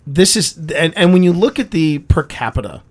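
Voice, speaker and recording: A man's voice: on the high side, very animated, brisk. A man co-hosting a casual live-stream chat, chatty and emphatic, often repeating his words. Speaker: co-host.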